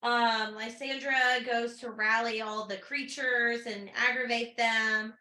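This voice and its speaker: A woman co-hosting a book podcast, recapping the plot quickly with many fillers and quotes she acts out. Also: fairly high pitch, fairly even intonation, pushed and bright, reverberant. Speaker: podcast co-host. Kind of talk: casual book chat.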